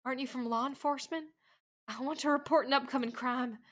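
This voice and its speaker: A woman's voice: high-pitched, steady tone, fast talker. A woman streamer reading a game's dialogue and narration aloud during a live playthrough, cursing and laughing at the story as she goes. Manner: reads all game text aloud, swearing and laughing at the story.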